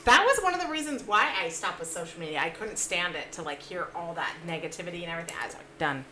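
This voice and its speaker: A woman's voice: on the low side, expressive, quick pace, pushed and bright, roomy sound, slight background noise. A woman in a casual podcast chat, giving short agreeable remarks.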